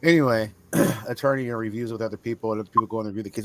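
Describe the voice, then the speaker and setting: A man in casual chat, rambling through a profane, animated story. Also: fairly low pitch, rapid-fire, few pauses.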